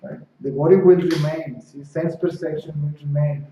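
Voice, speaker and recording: A man's voice: fairly high pitch, moderate pace, mellow. Distant man teaching in an echoey room. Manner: conversational, frequent "right?" and "see?" checks; acts out dialogue in stories. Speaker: spiritual teacher. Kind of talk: satsang talk to a small audience. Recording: distant echoey room, dull lo-fi with faint noise.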